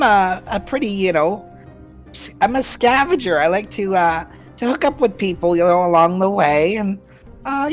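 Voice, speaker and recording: A woman's voice: mid-range voice, pitched above the performer's own voice, natural voice. A woman voicing an evasive young male scavenger rogue in a tabletop game, protesting his innocence. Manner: protests innocence, playful and dodging.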